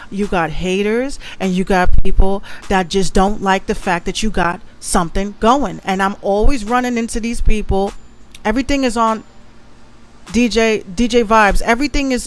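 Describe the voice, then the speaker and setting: A woman's voice: medium pitch, a little hiss or hum. A young woman from the Bronx with a Bronx accent, hosting a casual livestream, brash and boastful, repeating herself often. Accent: New York, Bronx. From the Bronx, New York. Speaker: livestream show host, rapper and producer.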